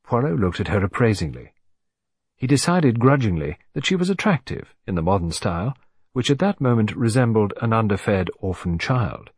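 A man narrating an audiobook in an even storytelling manner. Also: lowish voice, normal speed, breathy edge, dry recording, clean studio sound.

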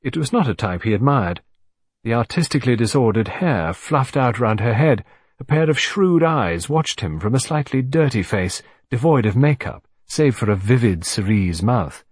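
A man narrating an audiobook in an even storytelling manner. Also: medium pitch, moderate pace, breathy edge, no echo, studio quality.

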